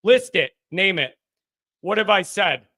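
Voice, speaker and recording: A man's voice: high voice, animated, measured pace, pushed and bright. A man hosting a live call-in sports talk show, blunt and combative as he answers viewers. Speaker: show host.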